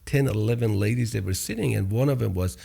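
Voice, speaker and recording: A man hosting a podcast, telling stories in a casual, animated and emphatic way. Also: lowish voice, fast, gravelly, husky. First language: Farsi or German. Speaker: podcast host. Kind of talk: casual storytelling chat.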